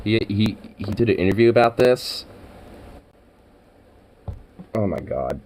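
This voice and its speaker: A man's voice: fairly low pitch, lively intonation, brisk, a little mellow, a little hiss or hum, rough recording. An American man ranting casually with constant swearing, frequent laughter and lots of fillers like "like" and "you know". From United States. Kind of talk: casual profane rant.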